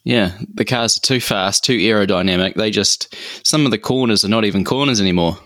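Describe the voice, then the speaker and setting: Low-voiced male co-host from New Zealand, dry mic, easygoing halting chatter. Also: fairly bright tone, no echo. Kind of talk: casual motorsport chat.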